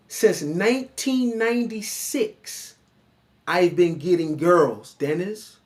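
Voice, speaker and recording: A man hosting a reaction commentary, blunt and emphatic, talking back at the clip he is watching. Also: high voice. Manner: blunt, emphatic, keeps addressing the other man by name.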